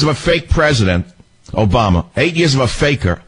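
A man's voice: medium pitch, very animated, a little fast, breathy edge, dry recording, rough recording. A man hosting a talk radio show, delivering a mocking, scolding political monologue.

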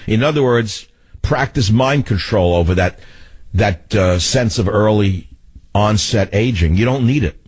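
An older male radio talk host with a husky, lowish voice, recorded close and dry in a studio. He rambles through personal stories, restarting sentences and jumping between asides. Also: unhurried, no room sound. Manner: rambling, animated storytelling with restarts. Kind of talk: radio talk show monologue. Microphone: studio microphone.

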